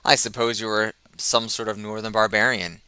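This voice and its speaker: A man voicing a fat, gross, boastful kidnapper rogue in a loud, blustering manner in an audiobook. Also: on the low side, level tone, normal speed, clean tone, no echo, rough recording. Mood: jeering. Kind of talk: audiobook character reading.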